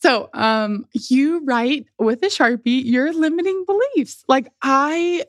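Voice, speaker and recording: A woman's voice: sits high, expressive, takes it slowly, no echo, clean studio sound. A young woman, a podcast guest, telling a personal story in a casual, chatty way with lots of fillers and frequent laughs.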